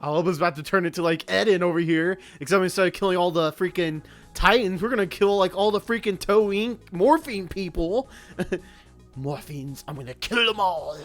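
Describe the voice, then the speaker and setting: A VTuber doing casual reaction commentary, animated and prone to joking rants. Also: medium pitch, a little fast, faint music behind. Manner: animated, ranting, joking asides.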